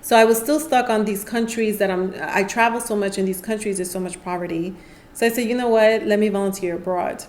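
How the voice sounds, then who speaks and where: Guesting on a podcast, a nonprofit founder from New York City talks a little fast at a medium pitch. Her casual interview storytelling is lively, and she acts out the voices of people she quotes.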